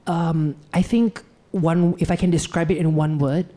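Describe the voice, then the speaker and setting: A man's voice: a little high, normal speed. A young Malaysian man from Sarawak, a singer-songwriter, chatting as a guest and telling stories animatedly. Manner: animated storyteller, acts out quotes. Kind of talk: casual chat.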